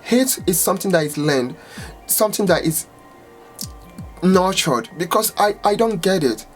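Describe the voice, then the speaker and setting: A woman salon owner giving an impassioned, angry rant to camera, exasperated and swearing, with outbursts that climb in pitch. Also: expressive, unhurried, faint music behind. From United States.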